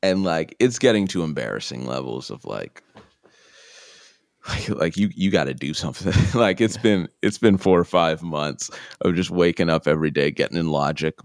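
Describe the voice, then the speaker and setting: Deep-voiced man telling a self-deprecating story. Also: moderate pace, vocal fry, dry recording, clean studio sound. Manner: animated, self-deprecating, acts out other people. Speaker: interview guest. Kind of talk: casual storytelling.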